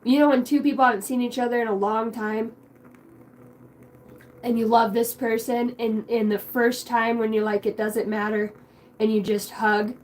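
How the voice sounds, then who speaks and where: Young woman doing a spiritual card reading, kinda high voice, gets emotional and rambles, swears a lot, faint hiss behind. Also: little pitch movement, normal speed, darkish tone, low-quality recording. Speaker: tarot card reader.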